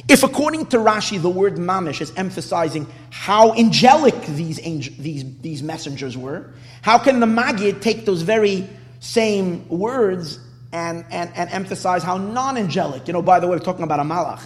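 A man's voice: high-pitched, normal speed, in a large hall. A man giving a Torah class, posing questions and restarting his sentences as he teaches. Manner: animated, questioning, restarts often.

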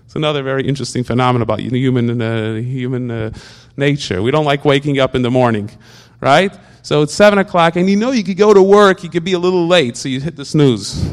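Talking quickly with hardly any pauses, this mid-range male voice delivers a casual religious talk. He fires off lively rhetorical questions and repeatedly stammers, restarting on a word before he can continue.

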